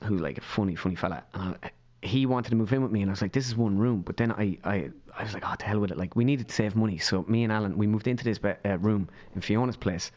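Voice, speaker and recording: A man's voice: on the low side, quick pace, few pauses, a little mellow, muffled recording. An Irish man, a podcast guest, tells rambling anecdotes full of fillers and acts out the voices of the people in them. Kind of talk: storytelling in a podcast interview.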